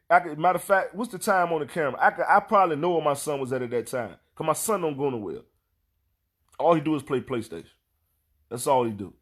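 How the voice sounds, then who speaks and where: Profane guy in his 30s, aave, ranting a story about his kids, repeats himself, acts out quotes, voice kinda high for a man. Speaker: father telling stories. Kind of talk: casual storytelling rant.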